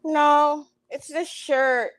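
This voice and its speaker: A woman hosting a craft livestream from home, chatting casually with live viewers, greeting them by name and breaking into loud laughs and exclamations. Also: high-pitched, fairly even intonation, extremely slow, a little hiss or hum, rough recording.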